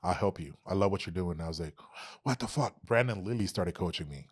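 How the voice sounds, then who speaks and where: This low, husky voice moves at a quick clip. It belongs to a thirtysomething Texan guesting on a podcast, spinning casual stories full of profanity and lively reenactments of quoted exchanges.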